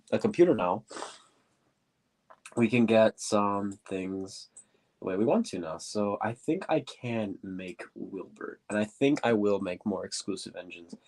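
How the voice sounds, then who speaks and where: A man with a deep, stuffy voice, answering viewer questions in a casual livestream, rambling and hunting for words. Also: a little mellow. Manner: rambling, searches for words, says quote-unquote often. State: stuffy nose. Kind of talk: casual livestream chat while building.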